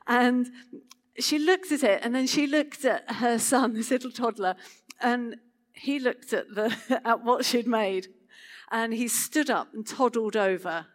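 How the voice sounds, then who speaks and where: A woman giving a sermon to a gathered audience, talking in an expressive, conversational way. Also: on the high side. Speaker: speaker.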